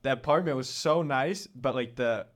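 A young man rambles through a story in casual conversation. He leans on "like" constantly and acts out what people said as he retells it. His voice sits at an ordinary mid pitch. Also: moderate pace. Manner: rambling, lots of "like", animated retelling. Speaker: storyteller guest. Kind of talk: casual chat.

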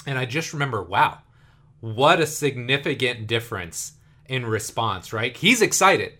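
A man in his thirties hosting a podcast, telling stories in an animated way and acting out the voices he quotes. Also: mid-range voice, a little slow, slightly rough. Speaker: podcast host and youth coach. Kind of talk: casual podcast conversation.

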